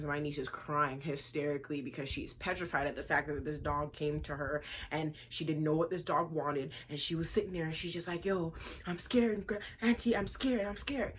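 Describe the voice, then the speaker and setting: A woman vlogger telling a personal story in an animated storytime style, emphatic and repeating lines for effect. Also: sits low, slight background noise.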